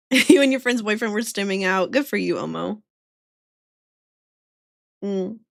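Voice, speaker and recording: A woman's voice: medium pitch, steady tone, a little slow, vocal fry, long pauses, a bit bright, no room sound, studio quality. A young woman from the American South with a slight Southern accent and a touch of New York, chatting casually and giggling with viewers while drawing on a livestream. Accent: slight Southern US with some New York vowels. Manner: giggly, laughs often, chatty. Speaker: streamer drawing art live.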